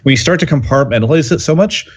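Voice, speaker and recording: A man's voice: fairly high pitch, animated, fast talker, husky. A male journalist on a podcast panel, reasoning at length with many fillers, over an online call mic. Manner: talkative, filler-heavy reasoning. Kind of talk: casual panel discussion. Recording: slightly lo-fi audio.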